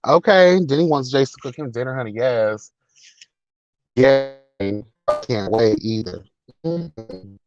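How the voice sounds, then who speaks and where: A man's voice: mid-range voice, animated, slow pace, long pauses, darkish tone, no echo, dull audio, soft background music. A man hosting a casual livestream, talking in a sassy, profane, dramatic way. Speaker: livestream host reading chat. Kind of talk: casual chat.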